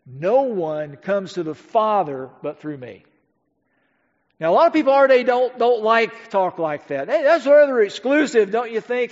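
A high-pitched man delivers an emphatic sermon, stretching out key words and sinking almost to a murmur for weight. His voice carries a long reverb tail, as if from a big hall. The audio is dull and muffled. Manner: emphatic, with dramatic slowdowns and drops to near-quiet. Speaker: pastor.

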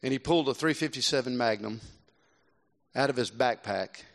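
A middle-aged man from South Carolina preaching a sermon, animated and swinging between loud exclamations and hushed earnest tones. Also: mid-range voice, normal speed. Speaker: visiting preacher. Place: large church with long reverb. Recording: reverberant church hall.

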